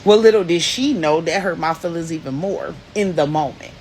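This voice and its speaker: A woman's voice: sits low, normal speed, darkish tone, slight background noise, rough recording. A woman hosting a podcast, giving an emphatic personal motivational talk, repeating key lines for emphasis and addressing the listener directly. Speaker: podcast host.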